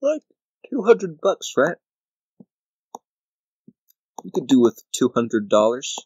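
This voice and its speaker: A man narrates his board game session in an unhurried, drawn-out way, counting moves aloud and grumbling in mock anger at his opponent. His voice swings up and down freely. The sound is dry and close, with no room echo. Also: mid-range voice, huge pitch swings, darkish tone, breathy edge. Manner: talks to himself, counts squares aloud, mock-angry grumbling. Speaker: gamer playing a board game video game. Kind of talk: casual gameplay commentary.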